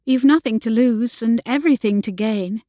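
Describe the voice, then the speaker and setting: A woman narrator voicing an earnest, kind young woman who speaks gently and reassuringly. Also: a little high, moderate pace, dry recording, lightly acted.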